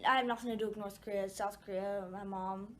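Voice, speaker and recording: A woman's voice: medium pitch, fairly even intonation, fast, fairly bright tone. A woman casually telling a personal story to viewers, rambling with many restarts.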